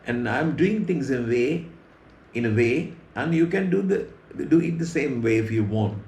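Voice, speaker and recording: Guy playing a chubby smug house dog, higher voice, echoey. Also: animated, moderate pace, darkish tone, natural voice. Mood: advising. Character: plump, well-fed, proud male house dog. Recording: roomy echo, faint background hum.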